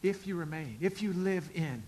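A middle-aged male pastor telling a story in a sermon, acting out the dialogue and swinging from loud outbursts to quiet asides. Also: sits high, moderate pace, a little hiss or hum, rough recording. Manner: animated, acts out dialogue with big swings in loudness.

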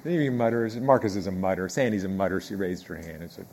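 A middle-aged man preaching a sermon in a church, talking conversationally, dropping quiet, then building loud, and repeating key phrases. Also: sits low, expressive, fast talker, creaky, a little hiss or hum. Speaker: pastor.

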